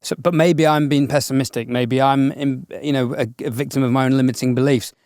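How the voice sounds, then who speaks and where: A man's voice: mid-range voice, fairly even intonation, a little fast, darkish tone, no echo. Podcast co-host guy, thoughtful and a bit teasing, totally dry sound. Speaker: podcast co-host, audio engineer. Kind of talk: casual podcast chat.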